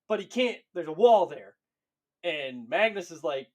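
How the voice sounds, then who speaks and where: Man, podcast host, high voice, profane, laughing storyteller. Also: expressive, moderate pace, fairly bright tone. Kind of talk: casual chat.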